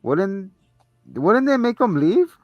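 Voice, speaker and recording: A man's voice: high voice, big pitch swings, slow, no echo, dull audio, soft background music. Profane, rambling male podcast host. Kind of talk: casual movie review chat.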